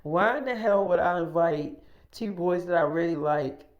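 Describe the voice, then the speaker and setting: A man's voice: high voice, moderate pace, highs cut off, close to an everyday voice. A man voicing a pushy, impatient young woman in an improvised audio story, exasperated and swearing. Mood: bossy.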